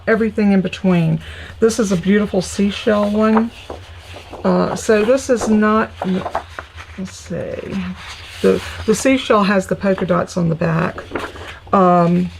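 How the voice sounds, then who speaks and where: A woman's voice: mid-range voice, a little mellow, slight background noise, poor audio. A woman hosting a live crafting tutorial, chatty and gushing, greeting viewers as she shows her supplies. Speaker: crafting host.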